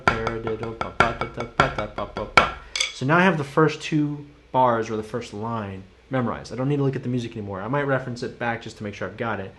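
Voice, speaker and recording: A man with a mid-range voice teaches a drum lesson over a live stream, chanting the sticking in syllables to talk through rhythms. He's casual and encouraging and chats with viewers, though heavy background noise fills the recording.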